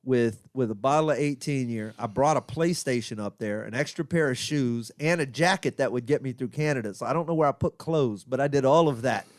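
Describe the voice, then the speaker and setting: A man hosting a podcast in casual chat, joking loudly and laughing often. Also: mid-range voice, fairly quick, hardly any pauses, dry recording. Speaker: podcast host.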